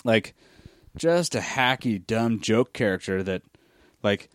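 Casting: low-pitched man, critical podcast co-host, dry close sound. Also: slow, dry recording. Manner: animated, critical, lots of fillers and restarts. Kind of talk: casual chat, comic book review.

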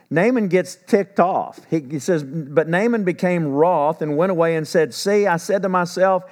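A man, teaching Bible passages in a folksy, conversational way and acting out the people in the story. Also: a little high. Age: 60s. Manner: folksy, paraphrases scripture in a lively conversational voice.

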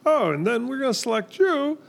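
A man's voice: extremely high pitch, very animated, fairly quick, creaky, voice pushed up, heavily acted. A man voicing a male mob boss who hands out hit jobs in a mocking, offhand way.

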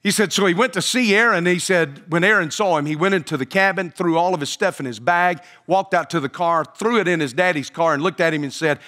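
A man preaching a sermon, telling a story with frequent pauses and fillers and building to emphatic quoted lines. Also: sits high, bright, forceful tone. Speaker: pastor.

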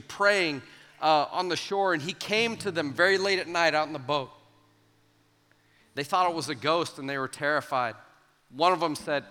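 A youth pastor preaching a sermon to students, animated and emphatic, acting out the voices in the stories he tells. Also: a little high. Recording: long hall reverb with soft guitar.

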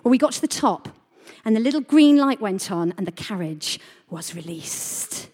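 A woman giving a lively sermon to a congregation, telling a story with animated delivery and questions to the audience. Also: mid-range voice, normal speed. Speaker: preacher. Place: church hall. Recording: reverberant hall.

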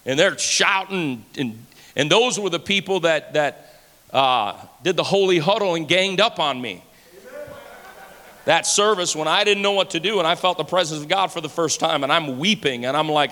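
A man in his forties delivers an impassioned sermon, hammering his points home by repeating phrases. His voice is bright and forceful and sits a little high for a man. Long reverb from a large church hall trails behind every line. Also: normal speed. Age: 40s. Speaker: pastor. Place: church sanctuary.

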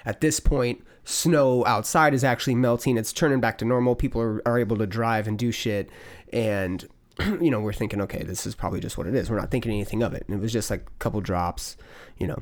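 A man's voice: on the low side, steady tone, fairly quick. A man hosting a podcast, telling a long story in loose casual chat with lots of swearing and fillers. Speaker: podcast host.

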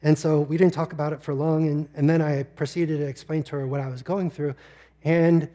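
A male pastor preaching a sermon, telling a personal story with deep emotion and sometimes close to tears. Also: flat delivery, a little fast, warm tone.

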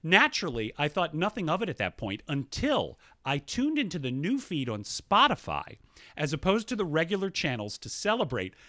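A man in his thirties, a podcast co-host who talks fast and reads listener emails aloud with quick jokes. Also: fairly high pitch, wildly swooping pitch, bright, forceful tone, dry recording. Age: 30s. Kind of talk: casual podcast chat.

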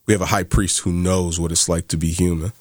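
Deep-voiced earnest man on a podcast. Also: fairly even intonation, brisk, no echo, clean studio sound. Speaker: podcast co-host. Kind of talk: casual faith discussion.

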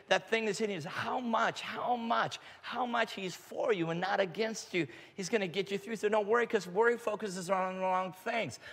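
Animated, lively-pitched male pastor preaching. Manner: animated, acts out quotes with big pitch jumps, shouts. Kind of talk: animated sermon with storytelling. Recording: long hall reverb.

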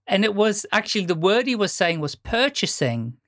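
In studio-quality audio without echo, a middle-aged Dutch-speaking woman from the Netherlands hosts a relaxed podcast interview. Her medium-pitched voice is very animated and moves at a moderate pace. She's chatty and tells stories, frequently laughing and restarting sentences.

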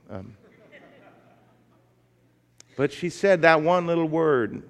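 A man's voice: a little high, expressive, takes it slowly, long pauses. A male pastor delivering a sermon, emphatic and folksy as he tells a story. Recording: long reverb of a large hall.

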